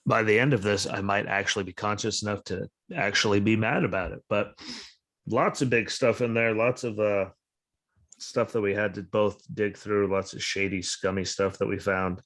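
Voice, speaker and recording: Gravelly, tired-sounding male podcast host. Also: on the low side, steady tone, moderate pace, fairly bright tone. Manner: blunt, sarcastic, profane, rambling. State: sleep-deprived. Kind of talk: casual political chat.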